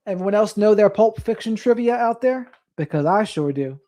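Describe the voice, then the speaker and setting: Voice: mid-range voice, animated, normal speed, warm tone. A livestream host chatting casually late at night, reading out viewer comments and drifting into rambling asides. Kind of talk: casual late-night live stream chat.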